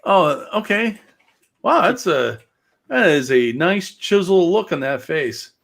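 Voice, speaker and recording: A man's voice: sits high, sing-song, slow pace, creaky, a bit bright. A man hosting a casual livestream, rambling with many fillers and jokes. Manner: rambling, filler-heavy, joking. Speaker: host of a livestreamed gaming show.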